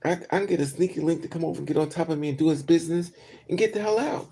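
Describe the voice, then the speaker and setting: A woman vlogger casually telling a story to her viewers, blunt and profane, with animated delivery. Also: sits low, very fast.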